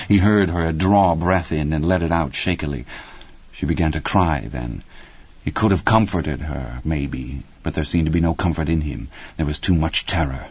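A man narrating a story in a steady, measured audiobook reading. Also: low-pitched, breathy edge, no room sound, muffled recording.

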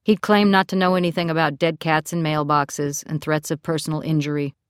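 Woman reading a male county deputy, calm, matter-of-fact, low voice, dry close audiobook sound. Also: fairly quick, clean tone, no echo, natural voice.

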